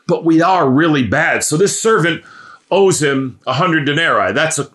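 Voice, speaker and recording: A man preaching a sermon in an earnest voice, rising to loud emphatic peaks and dropping to low, hushed stretches, with frequent restarts as he thinks aloud. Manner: repeats and restarts words while thinking aloud.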